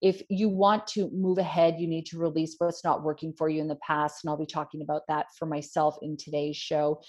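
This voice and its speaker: A woman, co-hosting a spiritual podcast, reflective and gentle, with many "you know" fillers. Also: sits low, little pitch movement, fairly quick. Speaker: podcast co-host, card reader. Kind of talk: casual spiritual chat.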